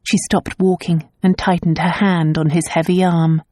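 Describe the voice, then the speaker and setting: A woman narrating a romance novel audiobook in a calm, measured way. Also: lowish voice, no room sound, studio quality. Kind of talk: scripted narration.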